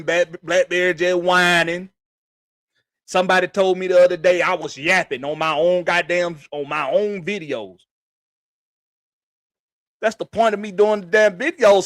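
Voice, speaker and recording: A man's voice: sits high, fairly bright tone, dry recording, clean studio sound. A man hosting a sports podcast, ranting in a profane, emphatic, repetitive way. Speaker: podcast host. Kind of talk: heated sports rant.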